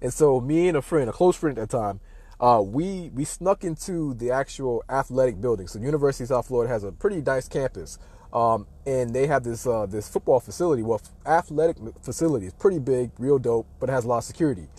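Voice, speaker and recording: A man in his thirties hosting a talk show, telling a personal story in a casual, animated way and acting out what other people said. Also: medium pitch, fast, husky. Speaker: host.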